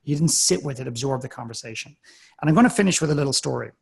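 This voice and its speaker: A man's voice: medium pitch, expressive, rapid-fire, creaky, slightly rough. A man in a live coaching call, talking earnestly and directly, often restarting his words. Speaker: life coach.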